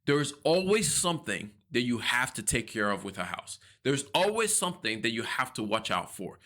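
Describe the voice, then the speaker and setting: Bright-voiced man telling a story. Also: medium pitch, normal speed. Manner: animated, acts out his own panic and prayers in quotes; earnest, devout. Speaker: personal finance vlogger. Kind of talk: personal storytelling monologue.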